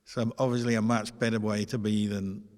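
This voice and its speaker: A man, a Buddhist monk, giving a dharma talk in a gentle, conversational storytelling manner. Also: on the low side, little pitch movement, a little fast. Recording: long hall reverb.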